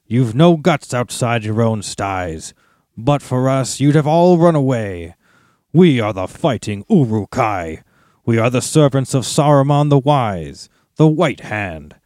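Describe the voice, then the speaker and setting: A brutal orc captain growls his commands at full force, as a man reading the book aloud puts him on. His voice is loud and domineering. The recording is dry and close. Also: medium pitch, no room sound, lightly acted. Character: brutal commanding male Uruk-hai captain.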